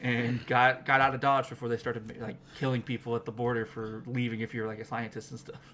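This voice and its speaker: A man's voice: mid-range voice, level tone, brisk, bright, forceful tone, slight background noise. A man co-hosting a podcast, casually recapping anime episodes with a rambling, laughing way of talking. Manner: rambling, laughing, with frequent restarts and fillers. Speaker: podcast co-host.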